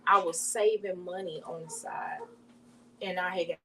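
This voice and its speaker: A woman from Alabama, giving an emotional, halting personal testimony as an interview guest. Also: on the low side, steady tone, a bit bright. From Alabama, US South. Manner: emotional, halting retelling with many restarts. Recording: distant mic with faint hum.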